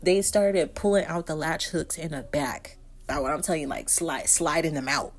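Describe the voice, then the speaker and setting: A woman's voice: deep voice, moderate pace. A woman hair vlogger telling a casual storytime while she does her hair, acting out each quote with energy. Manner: animated storyteller who acts out every quote.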